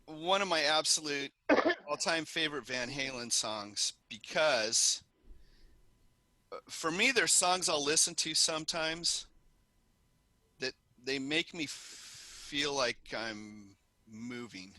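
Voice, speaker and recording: A man co-hosting a rock podcast, telling stories in an animated, laughing casual chat. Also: on the high side, takes it slowly, no room sound. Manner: animated storyteller, laughs often. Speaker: podcast co-host.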